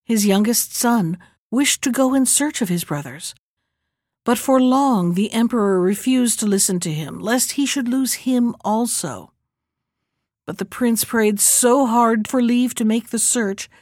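A woman reading a fairy tale aloud as storyteller, calm and measured. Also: on the high side, dry recording, studio quality.

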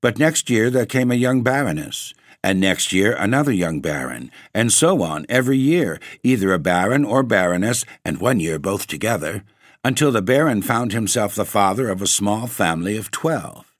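Deep-voiced man reading a classic tale. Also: expressive, normal speed, dry recording, studio quality. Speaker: podcast narrator. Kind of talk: scripted ghost-story reading.

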